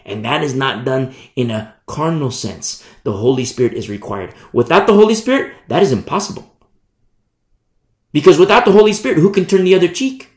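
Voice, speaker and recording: An animated preacher giving a sermon in a roomy, echoing space. The voice swings up and down in pitch as it presses each point, returning again and again to rhetorical questions for the listeners. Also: a little fast. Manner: animated, asks rhetorical "You see?" often. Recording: echoey room.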